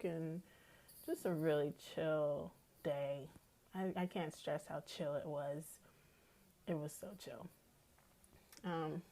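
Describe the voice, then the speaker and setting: A woman's voice: fairly low pitch, mellow. A woman, hosting her own podcast in an easygoing, chatty way and laughing often. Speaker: podcast host. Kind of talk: casual chat.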